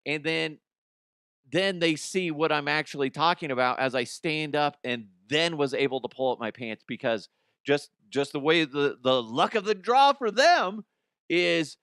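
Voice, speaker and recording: A man's voice: fairly high pitch, lively intonation, a little slow, fairly bright tone, clean tone, no room sound, clean studio sound. A middle-aged man hosting a comedy podcast, telling profane, rambling stories and acting out the people in them. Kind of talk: crude comic storytelling.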